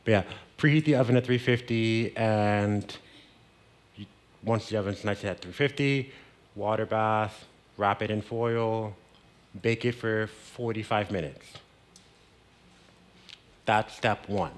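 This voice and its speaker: A man's voice: fairly low pitch, slow pace, long pauses. A man hosting a cooking show in a kitchen, explaining a recipe step by step in a chatty, playful way and dropping in Spanish words. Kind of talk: casual cooking demonstration. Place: home kitchen.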